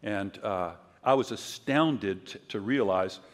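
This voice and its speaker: An older man giving a conference sermon, telling stories in a conversational way and acting out quotes loudly. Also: fairly low pitch, slow pace. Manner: conversational storytelling, loud acted quotes. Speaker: preacher. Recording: long hall reverb.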